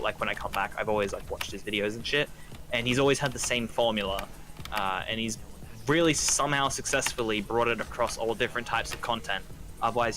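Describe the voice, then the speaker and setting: A man hosting a live stream, talking in a laid-back, rambling way with frequent swearing. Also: lowish voice. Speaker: streamer host. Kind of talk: casual live stream chat.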